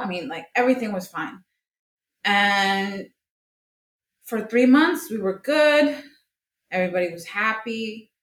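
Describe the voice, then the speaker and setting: A young woman from Colombia, a podcast guest, candidly telling a personal story, swearing freely and acting out the voices of people she quotes. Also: medium pitch. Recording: echoey room with faint ambience.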